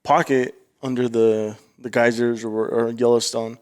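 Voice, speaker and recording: A man's voice: mid-range voice, flat delivery, measured pace, a little mellow, smooth. Rambling man full of "like"s. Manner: rambling, hesitant, lots of "like". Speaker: podcast co-host. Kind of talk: casual chat.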